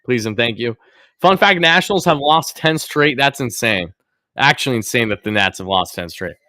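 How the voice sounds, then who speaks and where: Exasperated sarcastic fan, lively voice. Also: male voice, mid-range voice, moderate pace, no echo, studio quality. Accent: New York. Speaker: fan live-streaming a game. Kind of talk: fan reaction play-by-play.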